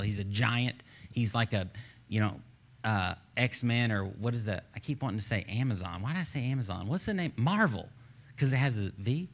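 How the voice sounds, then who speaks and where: A man with a Texan accent, a church pastor preaching a sermon from the stage in an animated, joking, conversational way. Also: mid-range voice, moderate pace.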